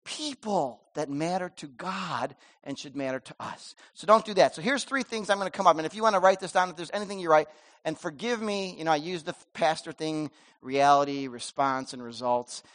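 A middle-aged male pastor preaching a sermon in a church, animated, moving between loud emphasis and soft asides. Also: a little high, brisk.

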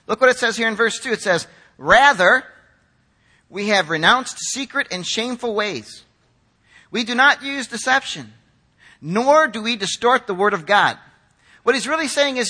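A middle-aged male pastor giving a sermon, animated and conversational, acting out quoted critics in a chatty voice. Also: extremely high pitch, normal speed, long pauses. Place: church sanctuary.

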